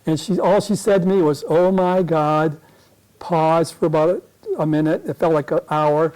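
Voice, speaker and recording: A man's voice: fairly high pitch, brisk, a little mellow, low-quality recording. A man speaking as a guest at a club meeting, telling a long personal story in a rambling way that often corrects itself.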